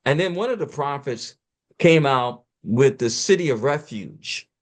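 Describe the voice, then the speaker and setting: A man of middle pitch talks through scripture like a preacher in conversation. He quotes verses and then drives his points home with emphatic rises and drops, sometimes rushing ahead quickly. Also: expressive. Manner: talks fast at times.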